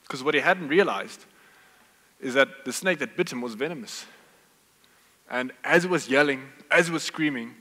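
A man preaching a sermon, casual and joking, telling stories to his congregation. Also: medium pitch. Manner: relaxed, joking, conversational preaching. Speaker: pastor. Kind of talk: sermon with storytelling. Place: church hall. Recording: long hall reverb.

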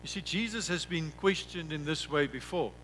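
A man preaching a sermon as pastor, who slows down and drops his voice on key words and repeats himself when telling a story. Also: fairly high pitch, fairly bright tone, slight background noise, rough recording.

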